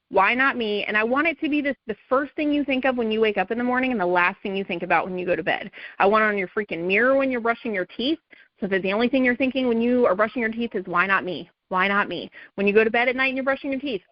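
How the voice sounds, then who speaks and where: A woman's voice: medium pitch, no echo, muffled recording. A woman leading a sales team call, giving an emphatic, repetitive motivational pep talk. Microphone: call or conference audio.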